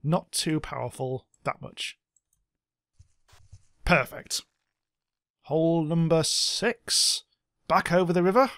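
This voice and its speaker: A man giving casual let's-play commentary, excitable, swearing a lot and making silly sound effects. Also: fairly high pitch, takes it slowly, pauses often, no echo, studio quality. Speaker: gameplay commentator.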